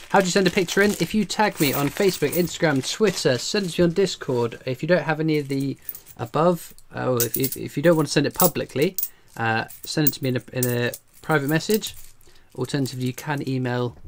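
A man's voice: mid-range voice, a little hiss or hum. Chatty English man hosting a stream. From England. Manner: chatty and jokey, laughs often. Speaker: coin collecting livestream host. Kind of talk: casual livestream chat, reading viewer comments.

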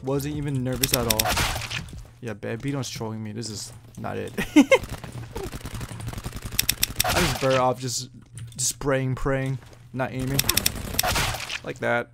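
A young man giving casual commentary over his own shooter gameplay, chatty and yelling at big plays. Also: medium pitch, moderate pace, creaky, long pauses, heavy background noise. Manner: excitable, yells at big plays. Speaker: gaming YouTuber. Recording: loud game music and gunfire behind.

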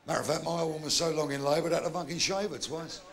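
Gravelly Cockney comic on a live stage. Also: male voice, a little high. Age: older. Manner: gruff, bawdy, deadpan delivery. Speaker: stand-up comedian. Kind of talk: live stand-up routine. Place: large live venue with a crowd. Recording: live stage recording with audience noise. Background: audience laughter.

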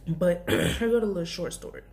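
A woman's voice: on the low side, a little fast, darkish tone. A young woman vlogger telling a casual storytime about her job, rambling with many restarts and asides. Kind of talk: storytime vlog.

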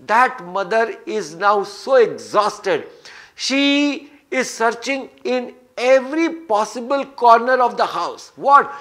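A man's voice: high voice, fairly bright tone. A man giving a scripture lecture, telling stories and repeating phrases for emphasis. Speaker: spiritual teacher.

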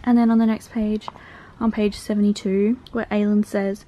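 A woman's voice: mid-range voice, level tone, moderate pace, muffled recording. A young woman chatting casually in a reading vlog, gushing and giggling as she talks about her book. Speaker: book vlogger.

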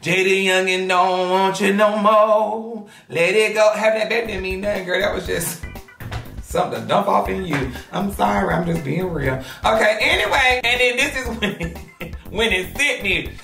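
A man hosting a gossip show, giving casual drama commentary in a sassy, profane, animated way. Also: high voice, moderate pace, creaky. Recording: echoey room with background music.

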